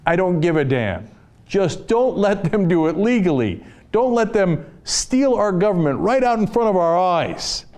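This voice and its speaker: A man's voice: high-pitched, sing-song, a little slow, a little mellow. A man hosting a political commentary show, delivering an impassioned opinion monologue with sarcastic, fired-up ranting.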